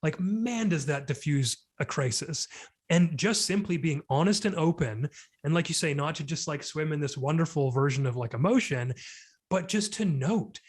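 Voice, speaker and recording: A middle-aged man speaks as a guest on a casual podcast. His voice sits a touch higher than most men's. He explains himself with lively, vivid analogies. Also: normal speed, husky. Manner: animated, uses vivid analogies.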